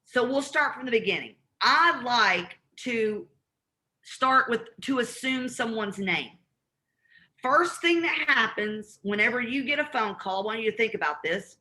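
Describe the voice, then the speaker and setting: Bright-voiced Southern woman teaching cold calls. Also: fairly high pitch, normal speed. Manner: animated, demonstrates cold calls by role-playing both sides. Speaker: real estate investing trainer. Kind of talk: live training call.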